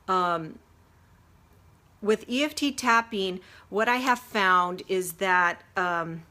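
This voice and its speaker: Speaking slowly in a medium-pitched voice with a sharp tone, a life coach with a grown daughter gives casual self-help teaching over a phone or webcam livestream. She explains step by step, earnest and chatty, with many fillers and restarts.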